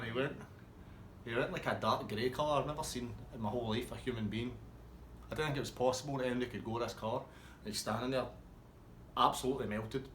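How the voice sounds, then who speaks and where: A man's voice: mid-range voice, quick pace, fairly bright tone, reverberant, a little hiss or hum. A man telling a rambling, swear-heavy anecdote in a casual way. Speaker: storyteller.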